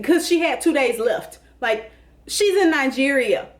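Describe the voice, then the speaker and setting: A woman's voice: fairly high pitch, lively intonation, normal speed. A woman hosting a casual comedic TV recap, sassy, calling people honey and baby and laughing often. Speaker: YouTube TV recap host.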